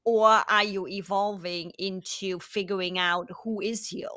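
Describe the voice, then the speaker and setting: A woman's voice: medium pitch, steady tone, a little slow, fairly bright tone, dry recording, studio quality. A woman speaking frankly and teasingly as a guest on a live stream chat. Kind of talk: casual chat.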